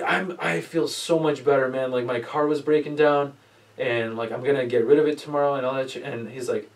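A man on a casual podcast spins a rambling, profane story, raising his voice when he quotes friends. He sits a little away from the mic, so he sounds distant. He talks at an everyday middle pitch. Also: fast talker. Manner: rambling storyteller, swears a lot, animated quoting. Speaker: podcast host. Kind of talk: casual chat.

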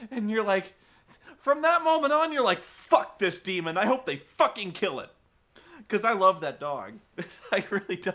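Guy ranting about a movie, lots of swearing, bouncy lively pitch. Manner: profane, animated, many restarts. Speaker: vlog film reviewer. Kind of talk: casual rambling movie review.

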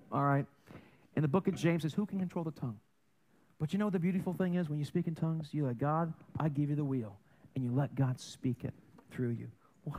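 High animated man preaching a sermon. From German and Italian heritage. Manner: animated, joking, swings between loud and soft. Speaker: pastor. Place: church sanctuary.

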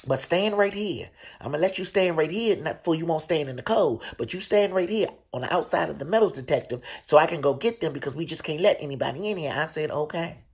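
A man hosting a show, telling a story casually in a profane, animated way. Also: quick pace, hardly any pauses, slightly rough. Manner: animated, profane storytelling with loud, high bursts. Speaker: show host.

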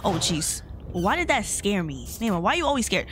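A woman's voice: medium pitch, very animated, normal speed, noisy background. A woman hosting a gameplay video, chatting casually to her viewers and getting easily startled. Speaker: gaming video host.

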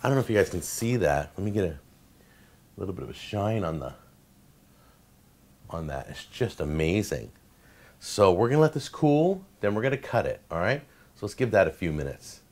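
Male home-cooking host with a low voice, chatty and excitable, prone to stammering. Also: moderate pace, pauses often. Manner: enthusiastic, gushing over food; stammers and repeats words when excited. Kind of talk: casual cooking demonstration talk.

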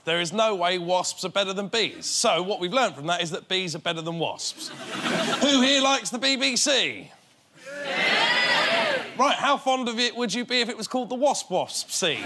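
High-voiced man arguing earnestly. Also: heavy background noise. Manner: earnest, hesitant with fillers. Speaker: comedy panel show guest. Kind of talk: mock debate argument. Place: TV studio with audience.

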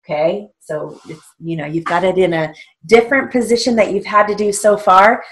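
A woman teaching a stenography lesson, dictating short phrases slowly and spelling out letters, checking in with an occasional "okay?". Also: medium pitch, fairly even intonation. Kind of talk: slow, deliberate dictation lesson.

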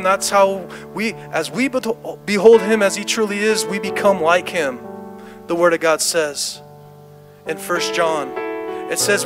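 A man with a slightly high voice preaches unhurriedly at a church service, then ends with a prayer, music playing under his words. He is impassioned and repetitive, building to declarations.

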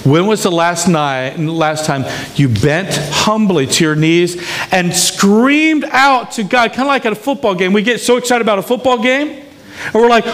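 A man's voice: high voice, animated, normal speed, a bit bright. A man preaching a sermon as pastor, emphatic and often checking in with the congregation. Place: church sanctuary. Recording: long hall reverb in a church.

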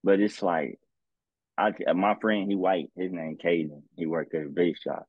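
Young st. guy, husky and lowish voice, slangy stories, phone-like tinny sound. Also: moderate pace, no room sound. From St. Louis, US. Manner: animated storyteller, slangy, profane. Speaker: podcast guest, music producer. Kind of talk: casual chat.

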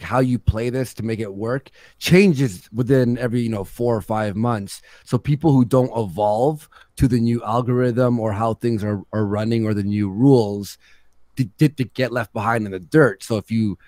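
A man chatting casually as a guest on a livestream, rambling and halting with many restarts. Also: mid-range voice, mellow, no echo, clean studio sound. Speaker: guest youtuber.

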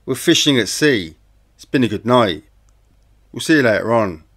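A man's voice: mid-range voice, lively intonation, moderate pace, a bit bright. A man voicing a cheerful male smuggler who talks casually and upbeat.

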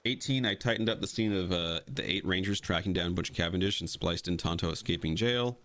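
A man's voice: low voice, brisk, a bit bright. A young man giving a casual, blunt voice-over commentary about his own film edit and swearing freely as he talks. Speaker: video creator explaining his fan edit of a film.

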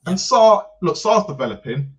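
A man co-hosting a casual football debate, chatty and quick to laugh. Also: high voice, big pitch swings, dull audio. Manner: chatty, laughs often, agreeable. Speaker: football podcast co-host.

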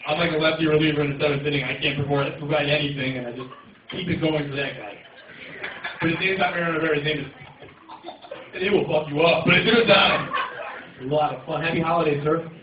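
A man doing brash, teasing stand-up crowd work, swearing and jumping into shouted punchlines. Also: a little high, fairly even intonation, fast talker, distant mic. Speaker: stand-up comedian. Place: comedy club with a loud audience. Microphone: phone camera in the audience, far from the stage. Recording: dull, echoey phone clip from afar, loud crowd.

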